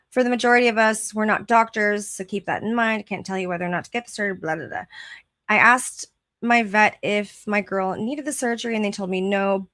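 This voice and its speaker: A woman's voice: medium pitch, gravelly, a bit bright, no room sound. A woman hosting her show, reading online posts aloud in casual chat, chatty and gushing and laughing often. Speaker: podcast host.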